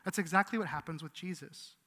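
Male pastor, sermon; high, bright voice; long hall reverb; earnest, conversational delivery. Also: brisk. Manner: earnest, conversational preaching with frequent restarts.

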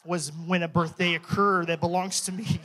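Young male minister, high voice, lively joking testimony with frequent laughs. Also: normal speed. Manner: animated, joking, laughs often. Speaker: church minister. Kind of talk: testimony sermon. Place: church.

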